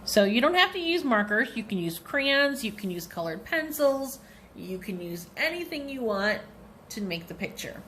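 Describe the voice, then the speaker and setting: A woman's voice: on the high side, sing-song, normal speed, a bit bright, a little hiss or hum. A woman, a librarian leading a cheerful craft demo at her kitchen table, talking to viewers in a sing-song way.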